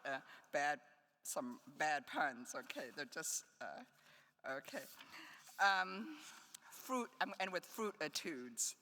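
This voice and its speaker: A woman's voice: lowish voice, bright, forceful tone. A woman poet giving a live reading in a conference hall, with playful, wry asides between poems. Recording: long hall reverb.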